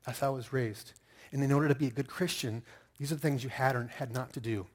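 A middle-aged man preaching a sermon, telling stories with lively bursts of loud emphasis. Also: medium pitch, quick pace. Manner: animated storytelling with sudden loud outbursts. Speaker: pastor.

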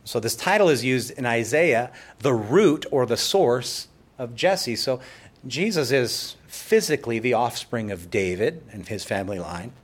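A pastor preaching a sermon in church, explaining scripture in a conversational way with playful asides. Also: male voice, medium pitch, expressive, unhurried.

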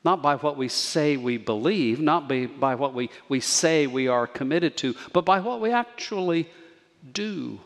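A man preaching a sermon as pastor, measured and earnest, slowing down to stress key words. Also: fairly high pitch, animated, in a large hall. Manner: measured, earnest preaching with slow emphatic pauses.

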